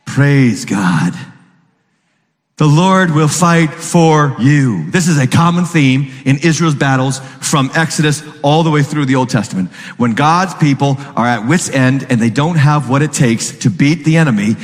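Animated pastor preaching in a reverberant hall. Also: male voice, measured pace. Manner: animated, acts out voices with sudden high pitch jumps. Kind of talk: sermon.

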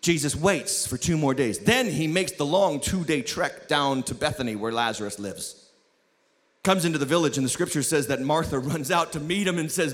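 Pastor guy preaching, high bright voice, jokey storytelling that bursts into shouts, big hall echo. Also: fairly quick. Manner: lively, joking storytelling with sudden shouts. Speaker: lead pastor. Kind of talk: sermon. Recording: long hall reverb.

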